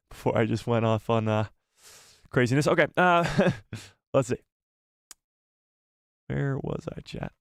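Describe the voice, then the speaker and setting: A man hosting a live stream, chatting casually and excitedly with his viewers and jumping between topics. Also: mid-range voice, no echo, studio quality.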